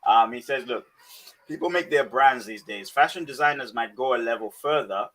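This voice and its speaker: A man's voice: mid-range voice, normal speed, a bit bright, poor audio. A man hosting a casual panel discussion, talking reflectively and hedging with "you know". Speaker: panel host.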